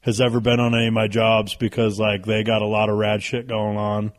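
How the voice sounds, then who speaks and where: A man in his thirties, a podcast guest telling stories in a casual, animated way, swearing freely. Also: fairly low pitch, a little fast. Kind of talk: casual storytelling.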